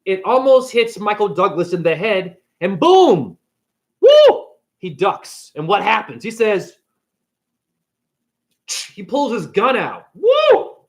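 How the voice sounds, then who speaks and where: A man with a fairly high voice rants casually about a film. He swears freely and jumps into little acted bits of each character. His pitch swings widely from line to line. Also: measured pace, long pauses. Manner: profane, animated, acts out characters. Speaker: spiritual video creator. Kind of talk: casual rant retelling a movie.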